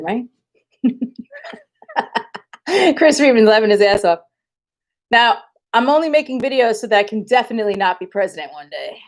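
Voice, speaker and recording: A woman streaming live in casual chat, telling rambling stories with lots of swearing and frequent laughter. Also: fairly high pitch. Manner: profane, laughs often; rambling animated storytelling.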